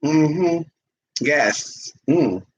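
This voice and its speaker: A woman's voice: sits low, extremely slow, breathy edge, lo-fi sound. A woman telling stories in a casual monologue, sassy and brash, calling her listeners honey and slipping into other people's voices. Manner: animated, jumps into quoted voices. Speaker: vlogger.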